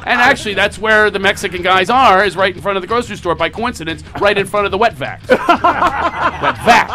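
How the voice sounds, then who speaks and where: An animated male comedian spins a comic story on a radio talk show in a high, bright voice. He laughs through his lines and acts out voices as he goes, speaking into a studio microphone. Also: fast. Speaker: comedian guest.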